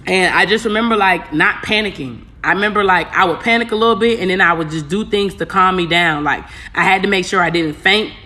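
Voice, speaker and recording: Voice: mid-range voice, brisk, hardly any pauses, bright, forceful tone. A spiritual coach in a casual, candid talk to viewers, rambling, repeating phrases and using slang.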